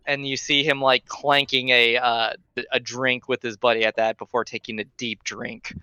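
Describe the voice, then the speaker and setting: A man's voice: medium pitch, flat delivery, normal speed, hardly any pauses, bright, forceful tone, clean tone, dry recording, low-quality recording. A young man narrating a tabletop game as game master in a casual way, with many fillers.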